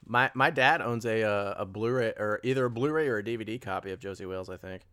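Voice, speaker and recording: A man's voice: lowish voice, quick pace, clean tone. A young man co-hosting a casual movie podcast, rambling and correcting himself as he talks. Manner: rambling, self-correcting, animated when excited. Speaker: podcast co-host.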